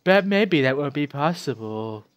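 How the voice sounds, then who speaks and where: A man voicing a lovesick middle school girl reading out her love letter in a soft put-on voice. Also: fairly high pitch, animated, unhurried, no echo.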